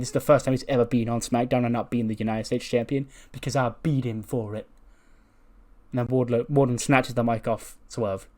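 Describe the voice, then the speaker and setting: Male narrator for a game playthrough, casual storytelling that slips into quick character voices. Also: mid-range voice, steady tone, darkish tone. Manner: storytelling, acts out wrestlers' lines in quick voices. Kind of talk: narrating a wrestling sim playthrough.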